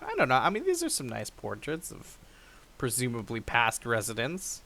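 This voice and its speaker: Young man, game commentary, animated pitch, reads story lines with flair. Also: normal speed, gravelly. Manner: lively, chuckling, reads narration dramatically. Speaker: let's play host. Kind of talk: gaming commentary reading a story aloud.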